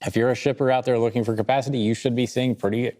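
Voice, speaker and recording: A man co-hosting a podcast, talking through market charts in a casual, quick, joking way. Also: mid-range voice. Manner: quick, joking, lively, laughs between points. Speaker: podcast co-host. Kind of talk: casual market analysis chat.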